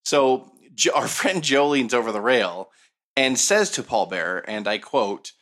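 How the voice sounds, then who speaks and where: A man's voice: medium pitch, expressive, a little slow, fairly bright tone. Middle-aged man telling a profane, sardonic story. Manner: profane, sardonic, with comic voice impressions. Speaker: podcast co-host telling a story. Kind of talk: casual storytelling chat.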